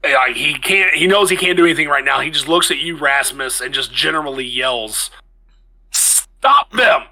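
A man's voice: medium pitch, fairly quick, sharp tone, low-quality recording. A man narrating a tabletop game as game master, in a casual way, stopping to correct himself as he goes. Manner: casual, stops to correct himself mid-sentence.

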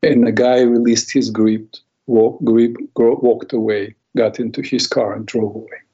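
Husky gravelly guy telling little stories, acts out the voices, kinda muffled lo-fi sound. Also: medium pitch, measured pace. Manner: animated storyteller who acts out quoted voices. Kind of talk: conversational teaching with stories. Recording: dull lo-fi recording.

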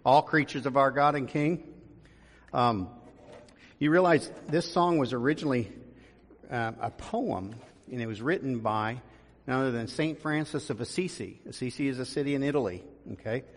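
A man's voice: mid-range voice, moderate pace. A man, a pastor, giving a conversational sermon with frequent ums and restarts, building to emphasis. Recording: long reverb of a large room.

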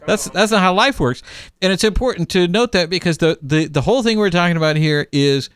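A man's voice: high voice, brisk, a bit bright, smooth, dry recording, clean studio sound. A man co-hosting a podcast, giving emphatic advice in casual chat, with frequent restarts and fillers.

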